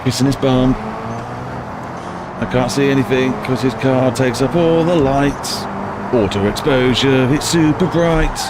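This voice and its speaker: Excitable man over loud car noise. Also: medium pitch, a little slow. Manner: excitable, chatty, reacting to the race. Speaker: streamer. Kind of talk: live racing game commentary. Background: loud racing car engine noise.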